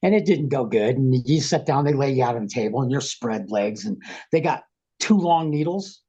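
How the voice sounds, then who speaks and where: A man guesting on a video call, telling his experiences frankly and at length, with rough, profane, animated storytelling. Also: mid-range voice, normal speed, highs cut off. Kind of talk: casual storytelling interview.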